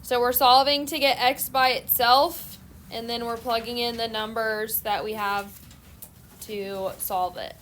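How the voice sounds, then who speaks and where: A woman math teacher giving a classroom lecture, explaining steps in a steady, methodical way. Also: on the high side, measured pace, a little hiss or hum.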